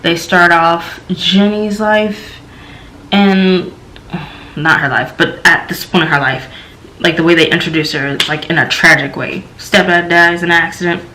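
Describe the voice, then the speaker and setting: Slow, low-voiced Southern woman reviewing a show. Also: fairly even intonation, pushed and bright, a little hiss or hum, rough recording. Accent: Southern American, light. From American South. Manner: rambling, filler-heavy, slow and low-key. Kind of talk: casual review chat.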